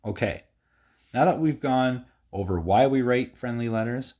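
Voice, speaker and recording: A male teacher giving a recorded lesson to young students. He talks in a relaxed, chatty way with many fillers and reads a sample aloud with exaggerated expression. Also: medium pitch, moderate pace.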